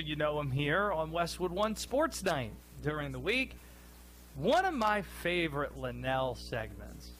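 High, lively male sports radio host. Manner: playful, animated, jokey asides. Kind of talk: casual sports talk.

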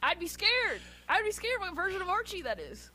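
A woman in casual sports talk, lively and blunt, chatting freely with her co-host. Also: extremely high pitch, fairly quick. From Northwest Indiana area.

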